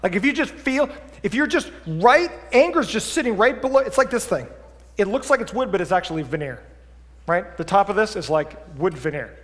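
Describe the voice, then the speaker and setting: A man preaching a sermon as pastor, lively and conversational, swinging between quiet asides and loud emphatic bursts. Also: sits high, fairly quick, big-room sound. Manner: animated preaching, drops to a quiet voice for acted asides then climbs loud. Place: church sanctuary.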